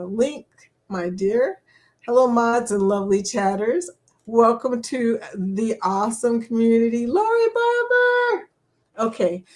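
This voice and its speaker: A woman's voice: mid-range voice, darkish tone. A woman hosting a casual live-stream chat, reading viewer comments aloud, chatty and laughing often. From England.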